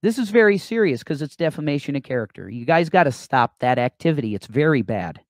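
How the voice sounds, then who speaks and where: A man's voice: fairly high pitch, very animated, brisk, no room sound, clean studio sound. A man co-hosting a live call-in stream, talking emphatically and punctuating points with repeated "okay?". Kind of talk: heated live stream talk.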